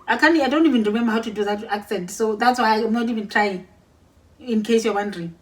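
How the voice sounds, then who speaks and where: A woman's voice: a little high, quick pace. A young woman vlogging to a camera set across a room, telling a long story in a chatty way, acting out both sides of conversations and often correcting herself. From Lesotho. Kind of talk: casual storytime. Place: warm room in a cold house.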